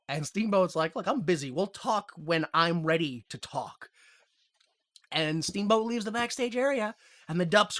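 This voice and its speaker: Guy doing a wrestling recap, bright clear voice, keeps cracking up and squeaking out quotes. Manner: laughs often, acts out quotes in a loud squeaky voice. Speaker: podcast host recapping wrestling. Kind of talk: casual podcast chat.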